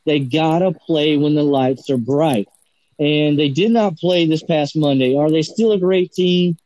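A man's voice: on the high side, measured pace, a little mellow, no echo, muffled recording. A man on a sports talk panel, ranting heatedly and swearing often. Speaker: podcast panelist.

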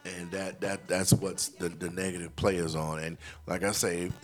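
A man's voice: low voice, little pitch movement, measured pace. A man co-hosting a casual podcast, talking in long emphatic opinions full of "you know" fillers. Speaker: podcast co-host.

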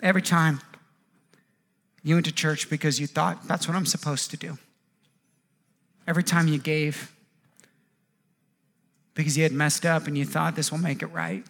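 A man in his thirties preaching a sermon, animated, acting out quoted voices and often repeating words as he goes. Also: on the high side, moderate pace, vocal fry, pauses often. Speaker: pastor.

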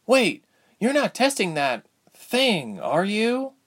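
A man voicing a timid, anxious young woman in a storybook reading, speaking in a high, fretful voice. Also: wildly swooping pitch, slow, fairly bright tone, breathy edge, exaggerated voice. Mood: doubtful. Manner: fretful, worried pleading.

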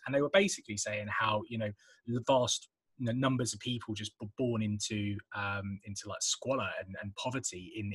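A man in his thirties hosting a podcast, telling a story in animated casual chat with casual swearing. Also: fairly low pitch, slightly rough, no echo. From England. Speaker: podcast host.

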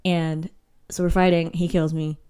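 A woman's voice: on the low side, moderate pace, clear, resonant tone. A young woman co-hosting a podcast, chatting casually and telling stories with laughs and acted-out voices. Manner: animated storyteller, laughs often, acts out voices. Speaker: podcast co-host. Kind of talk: casual chat.

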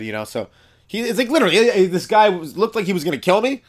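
A man's voice: fairly high pitch, lively intonation, rapid-fire. A man, a comedian hosting his own podcast, rambling through profane stories in a casual monologue. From Canada.

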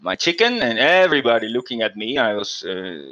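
A man's voice: medium pitch, sing-song, a little fast, pushed and bright, dull audio. A man hosting a podcast, telling a story in a casual, emphatic way with frequent restarts. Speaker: podcast host.

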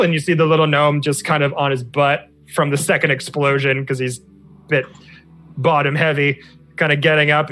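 Bright-voiced man narrating a game. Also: on the high side, level tone, moderate pace. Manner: loose, meandering narration with fillers. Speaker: game master.

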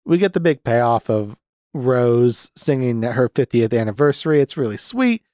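A man's voice: medium pitch, big pitch swings, moderate pace, dark tone, no room sound, studio quality. Sardonic young man recapping a movie. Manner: sardonic, swears freely, frequent fillers. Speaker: podcast host reviewing a movie. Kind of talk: casual recap.

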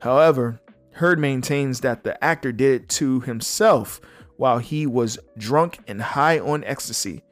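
A young man hosting a casual solo podcast, blunt and animated, swearing freely as he comments. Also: mid-range voice, a little slow, dry recording, faint music behind. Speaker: podcast host.

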